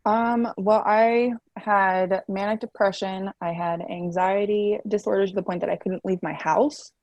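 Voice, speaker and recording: A woman's voice: medium pitch, steady tone, a little slow, a little mellow, no echo, dull audio. A woman in her twenties, a guest telling her story candidly in a chatty way, with many fillers. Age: 20s. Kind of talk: casual interview chat.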